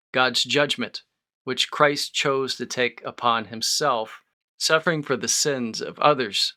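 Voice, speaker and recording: A man preaching a sermon as a pastor, reading scripture aloud and explaining it in short, measured phrases. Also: mid-range voice, bright, forceful tone.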